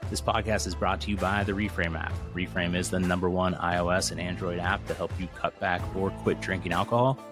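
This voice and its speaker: Very deep-voiced American man hosting a podcast. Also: flat delivery, a little fast, hardly any pauses, over music. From United States. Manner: easygoing, jokey. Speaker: podcast host and recovery coach. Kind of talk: podcast intro and casual chat.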